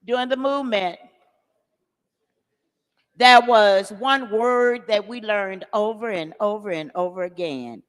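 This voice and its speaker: An older man leading a young crowd in call-and-response, alternating loud chants with hushed instructions. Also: high-pitched, measured pace, long pauses, clean tone. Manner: commanding, shouts chants then hushes the crowd. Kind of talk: call-and-response rally speech. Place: large church hall. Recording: echoey church hall with crowd.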